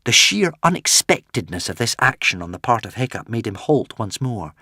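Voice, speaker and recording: A man reads a fantasy audiobook aloud with dramatic, expressive narration. His pitch rises and falls freely, and his voice sounds close and dry with no room echo. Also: moderate pace. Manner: dramatic, varied delivery.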